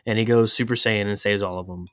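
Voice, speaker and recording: A man's voice: on the low side, steady tone, quick pace. A man casually summarizing a movie plot in a meandering, hesitant way on a comedy podcast. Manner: meandering, hesitant, full of "uh" and restarts. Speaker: podcast co-host.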